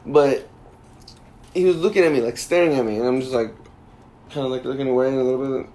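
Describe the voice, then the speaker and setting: A man's voice: medium pitch, brisk. A man casually telling a story to friends, acting out what people said. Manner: animated storytelling, acts out quoted voices. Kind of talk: casual chat.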